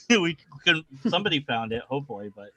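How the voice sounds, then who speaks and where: A man's voice: fairly high pitch, sing-song, brisk, pushed and bright. A man telling stories in a casual group chat, laughing often as he talks. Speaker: panel guest.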